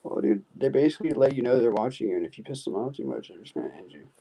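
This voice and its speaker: A man's voice: mid-range voice, sing-song, very fast, creaky, dark tone, husky, poor audio. A man on a stream call, talking brashly and boastfully. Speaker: stream guest. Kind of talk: casual stream chat.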